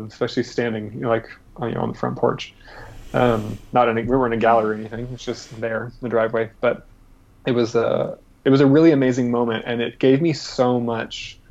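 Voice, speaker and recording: Male interview guest, gravelly, halting storyteller, slightly muffled audio. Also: medium pitch. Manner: halting, many fillers and restarts. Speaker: guest artist.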